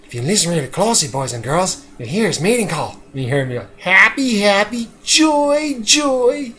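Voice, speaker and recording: A man's voice: on the high side, big pitch swings, quick pace, slight background noise. Rambling man on a casual stream. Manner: rambling, with many "uh"s and laughs. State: dry throat. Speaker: live streamer. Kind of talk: casual chat.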